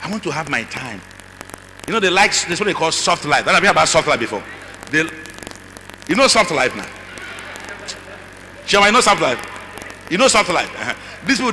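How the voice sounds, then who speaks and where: A middle-aged man speaking as a conference speaker, animated and acting out voices with asides to the audience. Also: high voice. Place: large conference hall. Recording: long hall reverb, faint noise.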